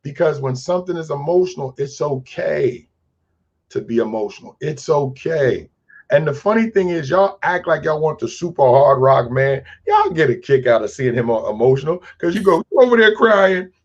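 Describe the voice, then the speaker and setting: A man's voice: medium pitch, lively intonation, normal speed, darkish tone, highs cut off. A man speaking in an interview as a crisis specialist and mentor, telling stories and preaching about feelings with acted-out quotes. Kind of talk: earnest interview talk.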